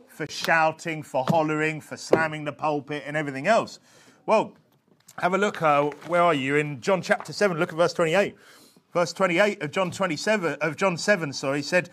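High-voiced man preaching. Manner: swings from quiet asides to shouted scripture. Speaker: pastor. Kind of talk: sermon.

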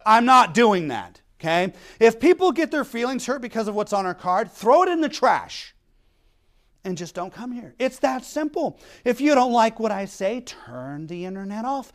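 A man's voice: very high voice, big pitch swings, moderate pace. A male pastor preaching a sermon in a blunt, emphatic way, often checking in with "okay?".

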